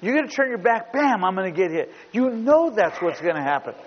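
A man's voice: very animated, fairly quick, slight background noise. A man voicing an upset young boy who is anxious and indignant. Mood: aggrieved. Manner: high-pitched, pleading and aggrieved. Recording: dull recording in a big reverberant hall.

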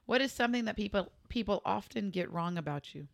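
A woman's voice: medium pitch, expressive, brisk, gravelly. A woman co-hosting a podcast who asks the questions and teases the guest in a playful, casual way. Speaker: podcast co-host. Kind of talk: casual chat.

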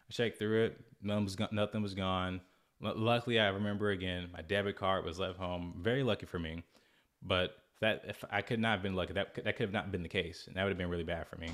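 A man's voice: sits low, brisk. A man in his twenties telling a personal story in a rambling, casual way, often restarting his sentences. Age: 20s. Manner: rambling, restarts often, mimics others in a raised voice. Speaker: vlogger.

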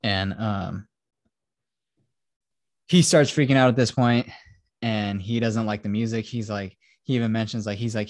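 A man's voice: fairly low pitch, moderate pace, pauses often, darkish tone, no room sound, clean studio sound. A man hosting a podcast, casually retelling a film plot, acting out quotes and swearing freely. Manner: casual, profane, acts out quotes. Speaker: podcast host.

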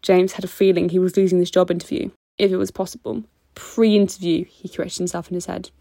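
Gravelly woman reading a story aloud. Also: lowish voice, little pitch movement, brisk, few pauses, warm tone, dry recording. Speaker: reader. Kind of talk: fan fiction audiobook narration.

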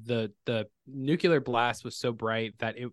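A man's voice: mid-range voice, unhurried, dry recording, clean studio sound. A young man co-hosting a podcast, chatting casually and bluntly with some swearing. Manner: blunt, curses, jokes around. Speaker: podcast co-host. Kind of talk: casual chat.

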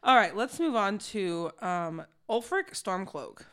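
A woman's voice: medium pitch, big pitch swings, unhurried, fairly bright tone, clean tone. Giggly, cheeky young woman. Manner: playful, giggly, cheeky jokes. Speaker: podcast co-host. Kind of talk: casual chat.

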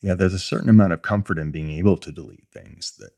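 Male podcast host, very low voice, dry close sound, loose conversational questions with restarts. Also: quick pace, warm tone, no room sound. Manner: conversational, restarts his phrases. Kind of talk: casual interview chat.

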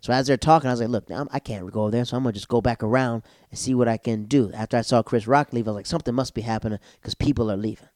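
A stand-up comedian telling a casual comic story, animated and jumping into loud, high-pitched voices when he quotes people. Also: racing, hardly any pauses, no echo, clean studio sound.

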